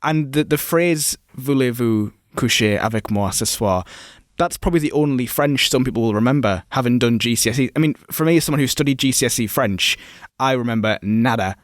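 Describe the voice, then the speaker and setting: Measured man, dry sound. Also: medium pitch, dry recording. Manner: measured, relays researched facts. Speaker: podcast co-host. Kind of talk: casual chat.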